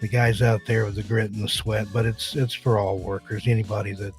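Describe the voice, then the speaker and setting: A man hosting a casual live-stream chat show, relaxed and greeting viewers one by one. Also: lowish voice, a little fast, faint music behind. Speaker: host.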